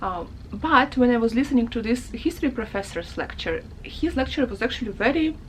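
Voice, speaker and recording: A woman's voice: a little high, lively intonation, fairly quick, a little hiss or hum. A woman book vlogger chatting casually to camera, emotional and talkative, often laughing and restarting her sentences.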